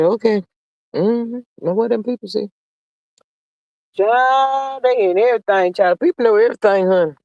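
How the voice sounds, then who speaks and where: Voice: mid-range voice, darkish tone, no room sound. Sassy gossip streamer, dry close sound. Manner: sassy and drawling, full of "child" and "honey" asides; playful, with sing-song hums and laughs. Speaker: live stream host. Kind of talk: casual gossip chat, reading viewer comments aloud.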